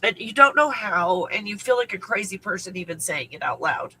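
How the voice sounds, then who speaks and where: A man with a husky, bright voice talks to his viewers in a loose, rambling monologue. He circles back on his words with fillers and restarts. His tone sits high and sharp for a man. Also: animated, fairly quick, rough recording. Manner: rambling with fillers, breaking into tearful laughter. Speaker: video host recounting memories. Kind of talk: emotional personal monologue.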